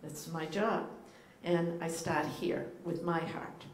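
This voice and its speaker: A guest rabbi with a low voice and a Boston accent gives an informal sermon to a congregation in a church sanctuary. She speaks slowly and steadily, playful and teacherly, with frequent ums and uhs. The room is echoey, with faint background noise.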